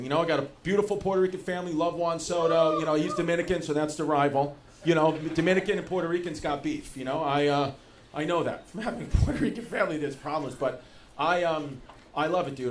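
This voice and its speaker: Rambling high-voiced New comic. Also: male voice. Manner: loose, rambling, says "dude" a lot. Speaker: stand-up comedian. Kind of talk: stand-up crowd work. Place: comedy club stage. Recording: noisy live club recording.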